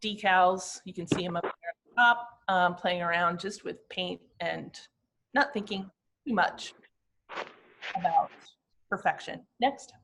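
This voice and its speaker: A woman in her fifties, a glass artist, talking through slides of her own work in a reflective, halting, personal way. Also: lowish voice, creaky, a bit bright, slight background noise. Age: 50s.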